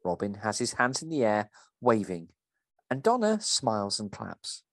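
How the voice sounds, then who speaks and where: A man's voice: fairly low pitch, sing-song, normal speed, fairly bright tone, no room sound. A man co-hosting a podcast, reading a script aloud and discussing it with a theatrical delivery.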